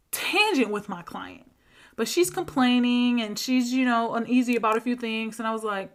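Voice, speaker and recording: A woman's voice: on the high side, fairly bright tone. A woman hosting a podcast as a coach, telling stories in a casual monologue, acting out quoted dialogue and laughing often.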